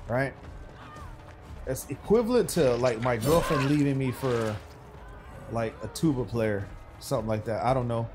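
A young man streaming a game, chatting loosely with his viewers in slangy banter that swings from hype to low mutters. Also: a little mellow. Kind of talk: casual gaming stream commentary.

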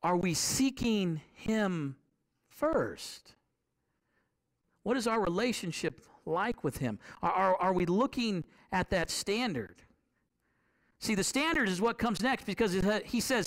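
A man's voice: high voice, lively intonation, measured pace. A man preaching a sermon in a conversational way. He asks the congregation questions and repeats key phrases to drive them home.

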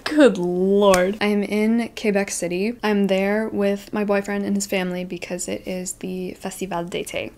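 A woman in her twenties, a book vlogger, telling a story to camera in a casual, animated, self-deprecating way, with frequent "like"s. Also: mid-range voice, vocal fry.

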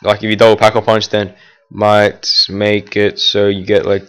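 Teenage guy, gameplay commentary, rambling, slightly low voice. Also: monotone, normal speed, fairly bright tone, smooth. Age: teens. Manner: rambling, full of fillers and restarts; erupts in annoyed outbursts at the game.

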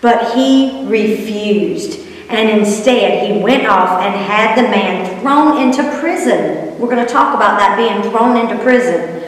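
A woman gives a children's sermon, earnest and teacherly, and speaks straight to the kids. Her voice sits at a middle pitch. It rings through a long, echoing hall, heard from some distance away. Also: unhurried. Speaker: children's worship leader. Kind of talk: children's sermon with scripture reading. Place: church sanctuary. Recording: echoey hall, distant mic.

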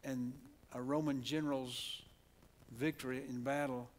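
The pastor speaks a little slowly in a level, mid-range voice, his Oklahoma accent clear as he preaches in the church sanctuary. His earnest sermon is full of restarts and repeated words, and he leads the congregation in call-and-response.

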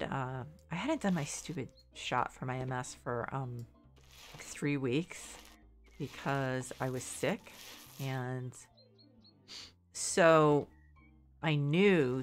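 Soft background music plays as a middle-aged woman with a bass voice talks slowly through a game stream. She sounds congested, rambles casually, second-guesses herself, and restarts often.

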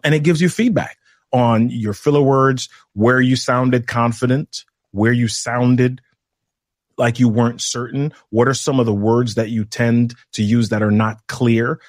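A man guesting on a podcast as a communication trainer, explaining things in a measured way with deliberate pauses. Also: mid-range voice, fairly even intonation, no echo, clean studio sound. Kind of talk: instructive podcast conversation.

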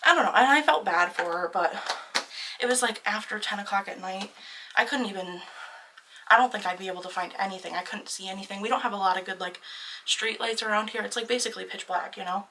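Chatty young woman, bright voice. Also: mid-range voice, fast, far from the mic, a little hiss or hum, rough recording. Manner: chatty, lots of "like" fillers, excitable. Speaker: vlogger. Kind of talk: casual storytime chat.

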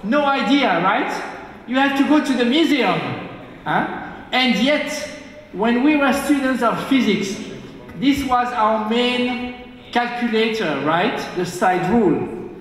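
A man's voice: very high-pitched, lively intonation, slow, fairly bright tone, recorded from a distance. A man giving a public lecture to a hall audience, engaging the listeners with questions and an anecdote. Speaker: guest lecturer.

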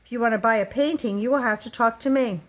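A woman's voice: fairly high pitch, fast talker, lightly acted. Earnest little boy, read by a woman. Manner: quiet, earnest, sometimes whispering. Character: young boy, curious and earnest.

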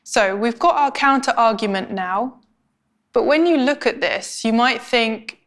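A woman teaching academic writing in a clear, measured, scripted explainer style. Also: fairly high pitch, a bit bright. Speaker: language instructor.

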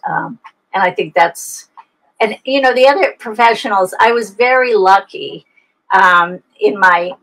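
A woman's voice: medium pitch, a bit bright, rough recording. An older woman from the United States, an adoption expert talking reflectively in an interview over a video call, often restarting her sentences. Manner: reflective, storytelling, frequent restarts.

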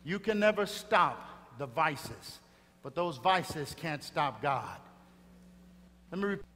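A man preaching a funeral sermon, dramatic, swinging between hushed tones and loud calls. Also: a little high, animated, slow pace, a little hiss or hum. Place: church funeral service. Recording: reverberant hall with faint music.

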